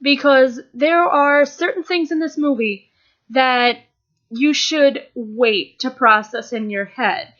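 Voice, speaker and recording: A woman's voice: high voice, slow pace, fairly bright tone, muffled recording. A young woman giving a casual, rambling, enthusiastic spoken film review, often restarting her sentences. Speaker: movie reviewer.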